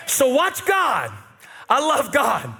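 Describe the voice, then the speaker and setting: Male pastor, high and very expressive voice; humorous, animated sermon delivery. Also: slow, creaky, husky. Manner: animated and humorous, shouting at peaks.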